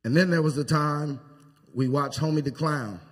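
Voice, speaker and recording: In a church sanctuary, a husky man with a voice on the high side delivers a funeral eulogy. He tells it through anecdotes, pausing along the way.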